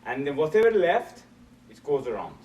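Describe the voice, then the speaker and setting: A man teaching a martial arts class, explaining step by step in a halting way and repeating phrases while he demonstrates. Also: on the high side, big pitch swings, darkish tone. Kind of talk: demonstration lesson. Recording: echoey room from far off, faint hiss.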